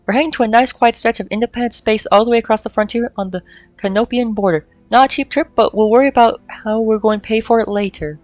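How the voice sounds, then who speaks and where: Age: adult. Figure: a woman voicing a steady male mercenary officer, somber and level. Pitch: fairly high. Sound: dry. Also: fast talker, dry recording, lightly acted. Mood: brisk. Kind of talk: reading game dialogue aloud.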